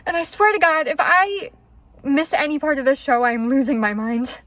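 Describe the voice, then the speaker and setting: High-voiced frazzled woman vlogger. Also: moderate pace, fairly bright tone, dry recording. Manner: chatty, frazzled, laughs often. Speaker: concert vlogger. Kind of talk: casual vlog talk to camera. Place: parked car in a parking garage.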